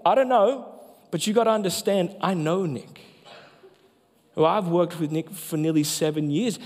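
A man, a pastor, preaching a sermon with emphatic delivery that slows down for key phrases. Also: high-pitched, a little mellow. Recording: long hall reverb.

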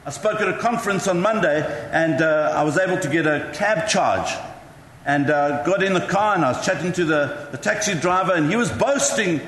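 A man's voice: on the high side, expressive, normal speed, fairly bright tone. A male pastor preaching a sermon, telling chatty, self-mocking stories to the congregation. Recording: echoey hall with faint ambience.

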